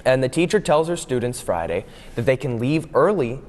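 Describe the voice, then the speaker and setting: A man's voice: medium pitch, fairly quick. Young man telling jokes with hall echo. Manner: eager, laughs often, lively storytelling. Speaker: guest comedian. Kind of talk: casual interview chat and joke telling.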